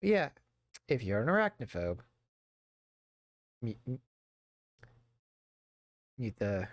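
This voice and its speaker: Streamer doing a casual read-aloud at home, mid pitch, dead dry mic, trips over words and chats in between. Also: sing-song, slow, no room sound. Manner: reads steadily, stumbles over words and breaks off for playful asides. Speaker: streamer reading a book aloud to chat. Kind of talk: casual read-aloud storytelling with chatty asides.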